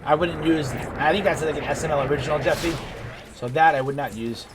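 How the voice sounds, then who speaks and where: A man chats loosely through his gameplay, wandering off topic and restarting his thoughts. His voice sits a bit higher than most men's. A clear noise bed runs under the recording. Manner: rambling and digressive, halting. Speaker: gaming video creator. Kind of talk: casual gameplay commentary. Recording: background noise.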